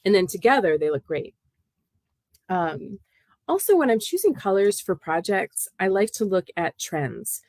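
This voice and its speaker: A woman's voice: medium pitch, very animated, measured pace, a little mellow, dry recording. Chatty woman hosting a knitting livestream. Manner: chatty, emotional, laughs often, addresses viewers by name. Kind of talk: casual livestream chat.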